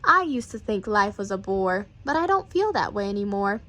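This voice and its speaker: A woman reading children's poems aloud, with playful, rhythmic and expressive delivery. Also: mid-range voice, moderate pace, rough recording. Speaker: reader.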